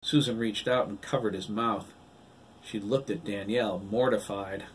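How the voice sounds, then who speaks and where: A man, the author, reading his novel aloud as an audiobook in a measured, even storytelling manner. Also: on the low side. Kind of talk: audiobook narration. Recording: distant mic, faint hiss.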